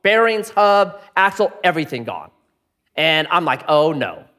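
Animated male pastor preaching in a hall. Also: high voice, unhurried. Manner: animated, jokey, acts out voices. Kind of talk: sermon. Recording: long hall reverb.

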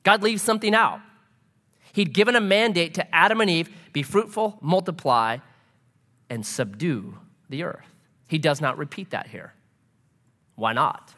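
A middle-aged man preaching a sermon in a relaxed, conversational way, mixing humor and personal stories. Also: fairly high pitch, a little slow, pauses often. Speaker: pastor. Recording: long hall reverb.

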